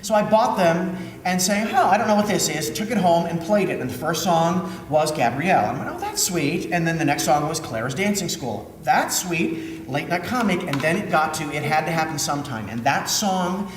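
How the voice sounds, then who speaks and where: A man from Minnesota, a theater director, telling a story in a chatty, lively way during a post-show Q&A. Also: on the high side, normal speed, slight background noise. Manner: chatty storytelling, animated when quoting. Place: theater auditorium. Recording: echoey hall, mic at a distance.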